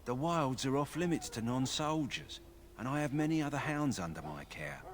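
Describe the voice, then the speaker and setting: A man with a London accent voicing a calm, practical kennel master in a video game. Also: medium pitch, moderate pace, close to an everyday voice. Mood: matter-of-fact. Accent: London English. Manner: steady, matter-of-fact.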